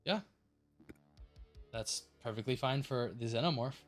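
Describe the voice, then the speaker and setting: A man's voice: medium pitch, unhurried, faint music behind. A man running a tabletop game, narrating loosely with lots of fillers and casual swearing. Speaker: game master.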